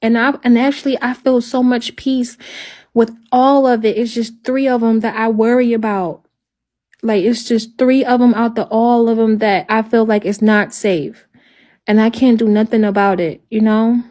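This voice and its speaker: A halting, despairing woman livestreaming. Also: a little high, steady tone, a little mellow. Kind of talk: emotional livestream talk.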